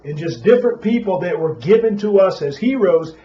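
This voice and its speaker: A man preaches a Sabbath Bible class in a somewhat high voice. He keeps coming back to "Praise Yah" and keeps asking questions of his listeners. The recording sounds dull and lo-fi. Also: expressive, a little fast, a little hiss or hum.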